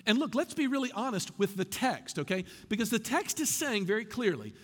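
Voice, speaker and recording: A man's voice: high-pitched, big pitch swings, fairly quick, big-room sound. A male pastor preaching a sermon in a conversational way, turning often to speak straight to his listeners.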